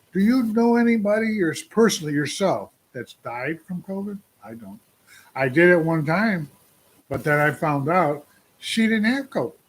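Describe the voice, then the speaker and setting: The host, a trucker in his sixties, rambles and vents on a casual livestream, putting questions to those watching. He speaks in a voice on the high side that's a bit bright.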